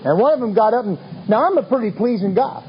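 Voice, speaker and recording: A man's voice: high voice, animated, fast talker, a little hiss or hum. A man telling his recovery story to a meeting in a wry, self-mocking, folksy way. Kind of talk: humorous storytelling talk. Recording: dull lo-fi recording with faint ambience.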